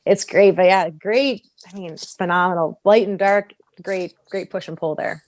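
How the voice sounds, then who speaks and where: A woman talking casually on a podcast, animated and laughing often as she breaks down a character. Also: fairly low pitch, normal speed, no echo. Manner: animated, laughs often, acts out quoted voices. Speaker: podcast co-host. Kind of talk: casual fan discussion.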